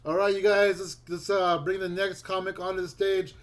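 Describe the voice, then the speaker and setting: A man's voice: high voice, level tone, moderate pace. A man hosting an online comedy open mic, introducing comics with upbeat jokes.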